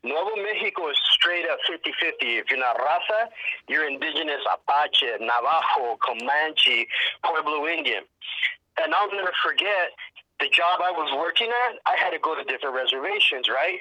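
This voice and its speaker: A man on a podcast, telling animated stories in profane street slang and acting out what people said. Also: fairly high pitch, normal speed, poor audio. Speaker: activist guest. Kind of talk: casual podcast storytelling.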